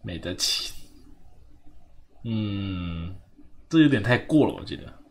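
A man's voice: lowish voice, animated, takes it slowly. Joking Taiwanese streamer man. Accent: Taiwanese Mandarin. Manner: joking, mocking, laughing asides. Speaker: game streamer. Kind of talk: casual gameplay commentary. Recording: faint background noise.

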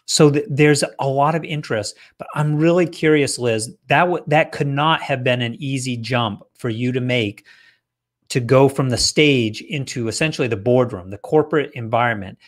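A man hosting a live-streamed interview, talking in a relaxed, conversational way with some hesitations. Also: medium pitch, normal speed. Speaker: host.

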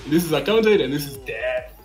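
Excitable man, fighting game commentary, very animated pitch, faint music behind. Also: fast talker. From Africa. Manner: excitable, disbelieving, laughing. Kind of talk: esports commentary.

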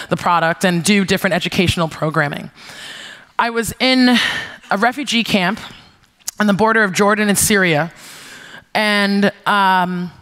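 A young woman from New York giving a conference talk, telling lively stories with swearing and acting out her own retorts. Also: mid-range voice. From New York, USA. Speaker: keynote speaker, founder. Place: stage before an audience.

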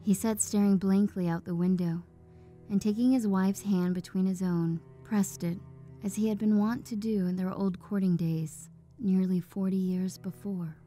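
A woman narrating a dark classic short story in a steady, measured storytelling voice. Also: mid-range voice, soft background music.

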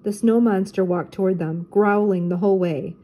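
An older woman reading a children's storybook aloud, steady and clear. Her voice is mellow and soft-edged, at an ordinary pitch for a woman. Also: normal speed.

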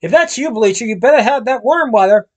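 A man's voice: very high-pitched, lively intonation, fairly quick, pitched above the performer's own voice. Man putting on a harsh screechy landlady. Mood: bossy. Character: greasy bossy landlady, middle-aged woman, harsh and grasping.

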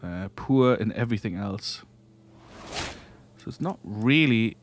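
A man's voice: fairly low pitch, animated, takes it slowly. A man hosting a let's-play, casually thinking aloud as he plays a strategy game, often trailing off and restarting. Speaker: gaming channel host.

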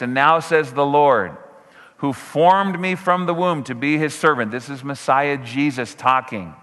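A man preaching a sermon as pastor, emphatic, slowing down on key phrases and swinging his pitch up and down. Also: pushed and bright. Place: church sanctuary. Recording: church hall reverb.

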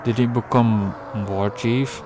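A man's voice: mid-range voice, steady tone, takes it slowly, background noise. A man commentating his own gameplay, exasperated and swearing constantly while muttering to himself. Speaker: let's play gamer.

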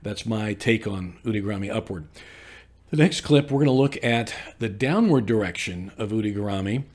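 A man's voice: fairly low pitch, moderate pace, darkish tone, echoey room, in a large hall, far from the mic, rough recording. A man teaching a judo arm lock, explaining in an informal way with repeated okay checks. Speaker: judo instructor. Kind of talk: instructional demonstration and commentary.

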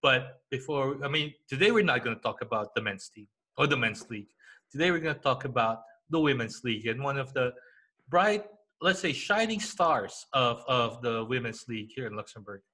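A man's voice: medium pitch, expressive, normal speed, pushed and bright. A man hosting a basketball podcast, chatting casually and upbeat with plenty of fillers. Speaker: podcast host.

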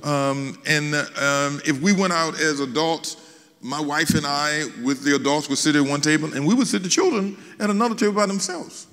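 A man, a bishop, preaching a sermon as an animated storyteller, with folksy asides and frequent restarts. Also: a little high, normal speed, big-room sound.

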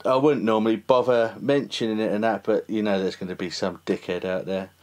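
Male podcast host with a low voice, chatty and self-deprecating, laughs a lot. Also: fairly even intonation, a little fast. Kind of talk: casual podcast chat.

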